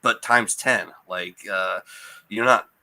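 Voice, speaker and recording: Man, podcast host, low voice, forceful sharp tone, loose profane storytelling. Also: slow. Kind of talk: casual chat.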